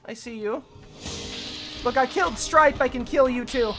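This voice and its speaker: A young woman streaming herself playing a video game, excitable and swearing freely as she talks to the enemies on screen. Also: sits high, normal speed, music in the background. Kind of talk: casual gameplay commentary.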